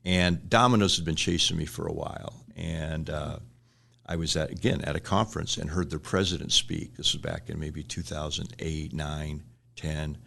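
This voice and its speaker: A man's voice: very deep voice, steady tone, moderate pace, creaky, a bit bright. A middle-aged man, telling rambling business stories in a casual interview, acting out quotes with chuckles. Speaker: restaurant franchise owner, guest.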